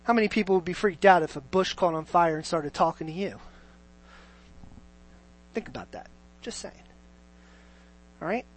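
A preacher giving a sermon, questioning the listeners and swinging from loud to near-hushed. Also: medium pitch, moderate pace, long pauses, slight background noise, low-quality recording. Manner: asks the listeners many questions, sweeping between loud and quiet.

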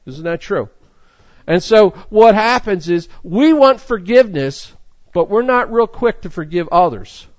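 A man's voice: high voice, lively intonation, a little slow, darkish tone, no room sound, lo-fi sound. A man preaching a sermon, reading scripture aloud in an earnest way with frequent restarts. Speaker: pastor.

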